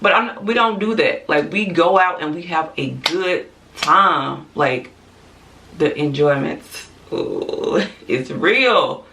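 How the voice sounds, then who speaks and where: Blunt, bright-voiced woman vlogger. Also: sits low, animated, takes it slowly, far from the mic, a little hiss or hum. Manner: blunt, profane, candid, with frequent asides and laughs. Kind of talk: casual opinion rant to camera.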